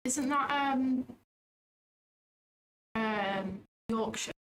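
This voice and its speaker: A woman chats with her friend in an easygoing, playful way. She talks very slowly in a slightly high voice, with a faint hiss behind her. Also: a bit bright. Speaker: friend of the host. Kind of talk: casual chat.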